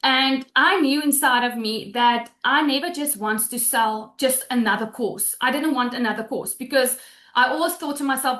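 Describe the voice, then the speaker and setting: A high-pitched woman speaks over a video call from a roomy, echoing space. She tells her story emotionally, halting and restarting as she fights back tears. She sounds to be in her thirties. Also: fairly bright tone. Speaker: webinar guest sharing her story. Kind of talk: emotional testimonial on a webinar.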